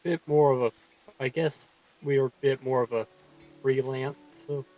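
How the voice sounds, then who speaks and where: A man's voice: mid-range voice, steady tone, moderate pace, a little mellow, highs cut off, faint music behind. Plainspoken man playing a tabletop game. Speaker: player. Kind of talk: casual tabletop role-play.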